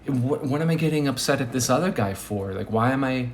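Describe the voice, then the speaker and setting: A man's voice: medium pitch, animated, brisk, a little hiss or hum. A man giving a rambling casual monologue, hesitant with many fillers, often dropping to a near-whisper. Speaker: vlogger.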